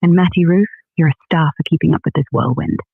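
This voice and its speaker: A synthetic woman's voice with a northern English lilt chats in breezy, slangy British banter. Her tone is gravelly and a little husky. It comes through a dry, tinny, phone-like line. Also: sits low, fast talker. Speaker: AI co-host. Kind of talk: cheerful synthetic chat sign-off.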